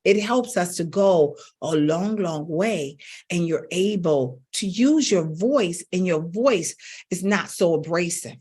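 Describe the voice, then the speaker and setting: Emphatic woman vocal coach, lowish voice. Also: expressive, slow pace, darkish tone, husky. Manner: emphatic, coaxing, repeats phrases for stress. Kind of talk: instructional talk to camera.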